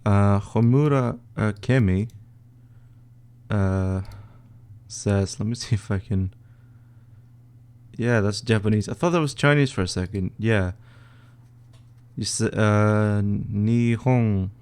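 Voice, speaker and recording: A man's voice: fairly low pitch, takes it slowly, long pauses, darkish tone, clean tone. Laid-back Swedish man reading chat. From northern Sweden. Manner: laid-back, reads chat questions aloud, hesitant with fillers. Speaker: livestream host answering chat questions. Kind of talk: casual live Q&A.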